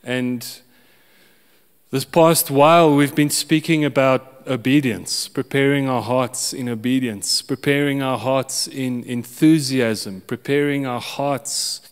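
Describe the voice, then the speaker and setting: A man preaching at an unhurried pace, telling a personal story. He restarts his sentences often and chuckles between them, and a long hall reverb trails after his voice. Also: mid-range voice, steady tone, clear, resonant tone. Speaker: pastor. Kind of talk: sermon.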